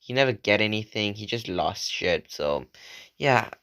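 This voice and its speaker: A young man retelling a story in a relaxed, casual way, often tagging sentences with "right?". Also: fairly low pitch, a little slow, smooth, dry recording. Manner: relaxed, frequent "like" and "right?" tags. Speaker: channel host retelling an online post.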